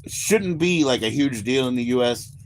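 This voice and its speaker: A man's voice: mid-range voice, expressive, moderate pace, slight background noise. An American man chatting casually on a livestream with viewers, rambling, laid-back and swearing freely. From United States. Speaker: livestream host.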